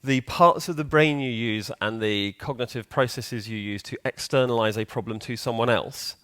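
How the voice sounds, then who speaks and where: A man's voice: medium pitch, normal speed, a bit bright, smooth. A man giving a live conference talk in a hall, chatty and joking, quizzing the audience. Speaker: conference speaker.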